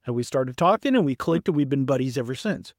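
In a clean, dry studio recording, a middle-aged Southern American man speaks quickly in a mid-range voice. He's an author telling stories in a casual interview, getting louder as he mimics the friends he quotes.

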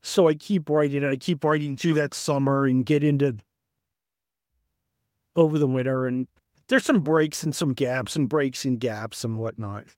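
A man's voice: medium pitch, normal speed, no room sound, studio quality. A middle-aged man with a Southern US accent, telling stories in a casual interview as an author and raising his voice to act out friends he quotes. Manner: animated storyteller, acts out quoted friends in a raised voice.

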